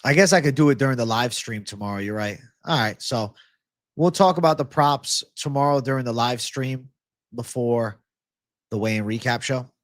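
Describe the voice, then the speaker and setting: A man's voice: medium pitch, moderate pace, no echo, clean studio sound. A man hosting a live-streamed MMA betting show, ranting with profanity to his chat about fight props. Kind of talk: live-stream prop picks talk.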